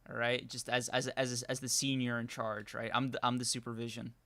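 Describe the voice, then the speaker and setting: A young man with a bright, forceful voice chats on a live-streamed podcast. He tells long, rambling stories packed with fillers and restarts, and the close mic sounds dry. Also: mid-range voice, fairly quick, dry recording. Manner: rambling, animated storytelling with many fillers. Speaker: podcast co-host. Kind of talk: casual live-stream chat.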